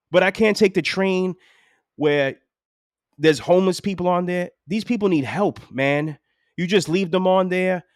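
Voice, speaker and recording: A man's voice: high-pitched, no echo, clean studio sound. A New man in his forties ranting profanely and with exasperation as a podcast co-host. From New York City. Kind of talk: casual chat.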